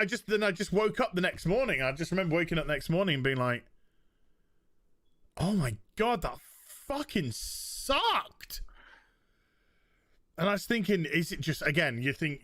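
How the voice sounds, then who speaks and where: A man with a fairly high voice tells a story with lots of energy, swearing and restarting his sentences as he goes. The sound is dry and close, as on a podcast chat. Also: no echo. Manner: animated storytelling, profane, many restarts. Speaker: podcast co-host. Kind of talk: casual chat.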